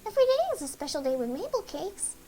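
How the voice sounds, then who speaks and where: A woman putting on a very high, bouncy little-girl voice that swoops up and down as she plays an excitable young girl from a game. She gushes and makes everything sound dramatic. A faint hiss sits under the voice. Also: quick pace, low-quality recording. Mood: dramatic pleading. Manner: gushing, theatrical.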